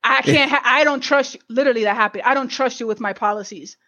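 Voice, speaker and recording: Lively young woman insurance agent. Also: fast talker, dull audio. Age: late 20s. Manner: animated, laughing, acts out callers in high voices. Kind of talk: casual podcast chat, storytelling.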